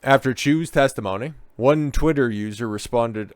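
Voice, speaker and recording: A man's voice: lowish voice, steady tone, moderate pace, few pauses, smooth, dry recording, clean studio sound. A man hosting political commentary, ranting in a profane, sarcastic, mocking way.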